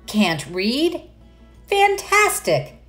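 A woman voicing a chirpy little yellow bird who is an eager teacher, speaking in a sing-song, exclamatory way. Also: mid-range voice, expressive, slow pace, faint music behind. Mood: cheerful.

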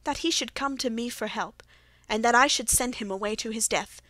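A woman reading the part of a brilliant, aloof male detective in an audiobook, with a measured, precise delivery. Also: fairly high pitch, pushed and bright, no room sound. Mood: stung, resolute.

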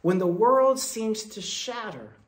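A man's voice: animated, takes it slowly. Man telling stories in a sermon. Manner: storytelling, swinging between loud bursts and soft, low asides. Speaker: speaker at a Quaker meeting.

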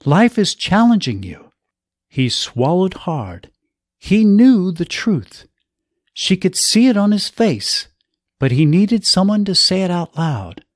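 Slow, measured male storyteller. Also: high-pitched, sing-song, no room sound, clean studio sound. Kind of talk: scripted story narration.

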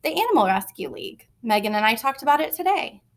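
A woman puts on a small, bold little sister with a high voice, smug and cutting. She talks back quickly and sure of herself. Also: very animated.

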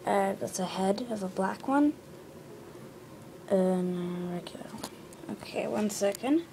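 A woman showing her drawings in a casual show-and-tell, hesitant, with lots of ums and quick self-corrections. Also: medium pitch, gravelly, noisy background.

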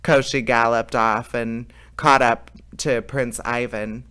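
A man reading a fairy tale aloud at a steady pace, plain and unpolished with the odd filler. His voice is bright and crisp, with a smooth, clear tone. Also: mid-range voice, slow pace, hardly any pauses. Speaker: storyteller.

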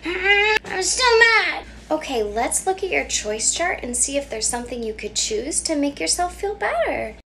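High sing-song woman talking to toddlers. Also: sing-song, gravelly, background noise. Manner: slow, exaggerated, sing-song baby talk. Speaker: children's educator. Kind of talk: modeling speech for toddlers.

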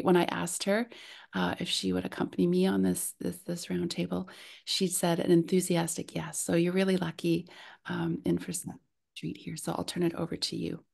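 Soft-spoken woman with a gravelly low voice. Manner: soft-spoken, gently enthusiastic. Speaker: host. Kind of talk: webinar hosting. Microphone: video call.

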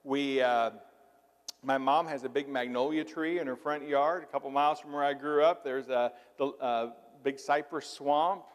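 A man's voice: medium pitch, steady tone, normal speed. A middle-aged male pastor from southern Illinois with a slight Southern accent, preaching in a folksy, conversational way full of filler words. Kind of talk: sermon. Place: church sanctuary. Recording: reverberant church hall.

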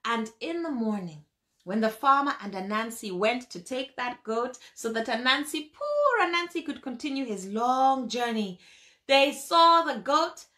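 A woman storyteller narrating a folk tale in an animated way, with sound effects and vivid emphasis. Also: fairly high pitch, a little slow.

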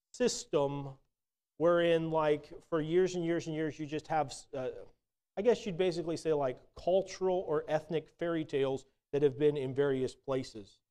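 Mellow-voiced man preaching a sermon. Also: fairly high pitch, smooth. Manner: conversational storytelling with hesitant restarts.

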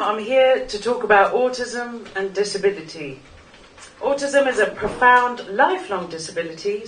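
A woman in her forties, with a medium-pitched, fairly bright voice, gives an earnest personal talk to a live audience at a small club venue. Her wry, self-mocking humour has her laughing at her own jokes. Picked up by a distant mic, her voice echoes through the room over a faint hiss.

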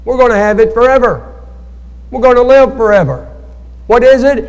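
At a moderate pace and with a very high-pitched voice, a male pastor delivers a Bible study sermon built on call-and-response, prompting the congregation for amens. The recording carries the echo of the church hall.

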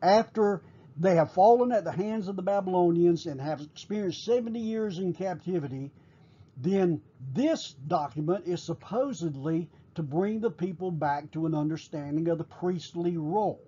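A man teaching a recorded class, explaining at a measured pace with frequent pauses and fillers. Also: high-pitched, mellow, slightly rough, dull audio.

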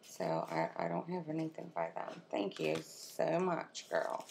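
A woman vlogging at home as she unboxes a makeup swap, gushing and excitable as she talks to her viewers and her friend. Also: low-pitched, measured pace, gravelly, slight background noise. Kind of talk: casual unboxing chat. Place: at home, with her children nearby.

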